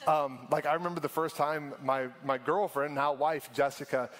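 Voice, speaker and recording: A man, preaching a sermon in a casual storytelling way that slows down for emphasis. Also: a little high, fairly even intonation, a bit bright, long reverb tail. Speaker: pastor.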